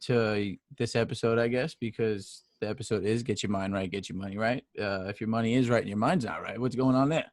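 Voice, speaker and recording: A man's voice: lowish voice, fairly quick, hardly any pauses, no echo. Teasing New man, dry close sound. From New York. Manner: joking, teasing banter. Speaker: podcast co-host. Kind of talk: casual chat.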